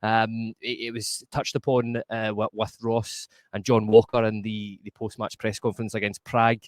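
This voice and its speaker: A man's voice: on the low side, flat delivery, normal speed, no echo. A Scottish man co-hosting a podcast, giving blunt, emphatic post-match football opinions and often stumbling over his words. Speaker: podcast co-host.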